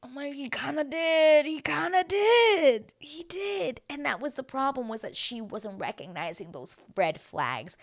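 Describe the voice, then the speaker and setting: A woman giving a casual, chatty recap of a reality show, talking animatedly and filling her sentences with "like.". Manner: animated, heavy use of "like", dramatic swings in pitch and loudness.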